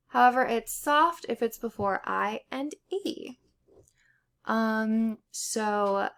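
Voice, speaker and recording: A woman's voice: fairly high pitch, a bit bright. A young woman teaching Spanish pronunciation in a casual lesson, explaining step by step with examples.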